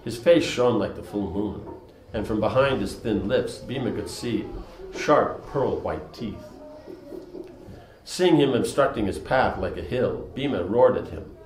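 A man's voice: lowish voice, moderate pace, darkish tone, roomy sound, soft background music, low-quality recording. A man reading a scripture story aloud and explaining it in a conversational way, with lots of fillers. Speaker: storyteller and teacher.

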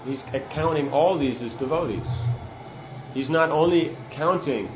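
A man's voice: fairly high pitch, a little slow, echoey room, lo-fi sound, noisy background. A man giving a sermon-style scripture class, earnest and emphatic, using Sanskrit terms.

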